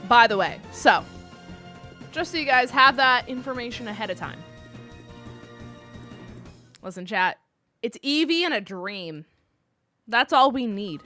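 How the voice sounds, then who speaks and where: A woman's voice: high-pitched, bright, forceful tone. A woman streaming a video game, chatting playfully with her chat and reading game dialogue aloud in put-on voices. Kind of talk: casual game commentary.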